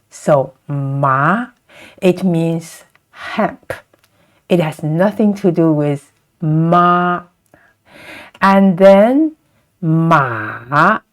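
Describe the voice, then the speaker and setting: A woman's voice: lowish voice, darkish tone. A woman with a Chinese accent, a native Chinese speaker teaching pronunciation patiently and drawing out each sound as she demonstrates it. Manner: models sounds by drawing out vowels and tones. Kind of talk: slow, patient pronunciation lesson.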